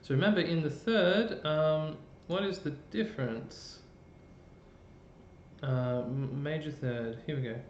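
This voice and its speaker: An Australian man explains music theory on a live stream. His talk is loose and chatty, with frequent ums and restarts. The sound is roomy and a little muffled, with a faint rumble behind it. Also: slow pace. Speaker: music presenter.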